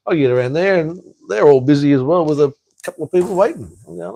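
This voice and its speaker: Gravelly, rambling man. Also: a little high, fast talker, a little mellow, dry recording. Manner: rambling, swears freely, lots of ums and restarts. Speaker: livestream host. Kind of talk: casual live-stream chat.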